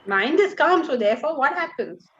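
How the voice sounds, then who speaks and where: A high-pitched woman teaching a class, her voice leaping up and down as she throws rhetorical questions at her students. The recording is a little muffled and lo-fi. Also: big pitch swings, moderate pace, over a noisy crowd. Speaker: Vedanta teacher. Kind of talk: class lecture on scripture.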